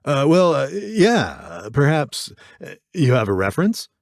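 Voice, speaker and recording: A man's voice: on the high side, animated, measured pace, no echo, clean studio sound, pitched above the performer's own voice. A man voicing a nervous, shady male car dealer who stammers and hesitates. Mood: flustered.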